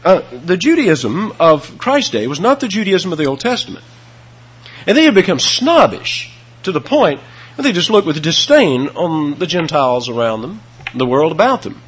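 A man preaching an expository sermon, emphatic, with dramatic swings in pitch and loudness, on a dull lo-fi recording. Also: big pitch swings, moderate pace, husky.

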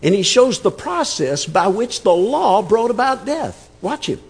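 A man's voice: high voice, big pitch swings, measured pace, creaky, husky, long reverb tail. A man preaching an expository sermon, emphatic and conversational, repeating words as he thinks. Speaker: pastor.

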